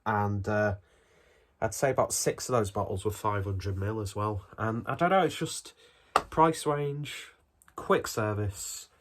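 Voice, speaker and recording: A man's voice: lowish voice, a little slow. Breathless man reviewing beer. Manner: rambling, chatty, self-deprecating. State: out of breath after a cold.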